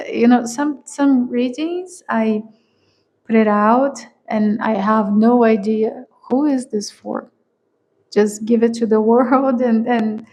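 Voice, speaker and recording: Slow-paced woman tarot reader, not a native English speaker, mellow voice, gropes for words. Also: a little high, poor audio. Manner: slow, searching for words, laughs often. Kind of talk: collective tarot reading.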